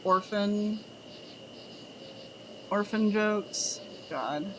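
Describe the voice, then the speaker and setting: A woman's voice: mid-range voice, drawn-out words, fairly bright tone, slight background noise. A woman streamer chatting casually with her chat, telling groan-worthy jokes and giggling at them.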